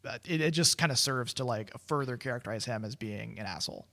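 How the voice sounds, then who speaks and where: A man's voice: medium pitch, fast, creaky, sharp tone. Man, podcast co-host, casual film chat, chatty, laughs often. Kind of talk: casual movie discussion.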